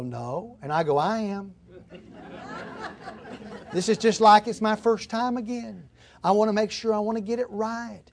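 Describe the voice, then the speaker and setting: A man's voice: high-pitched, a little mellow. A man preaching a sermon in an earnest, emphatic way, repeating his key phrases. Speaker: pastor.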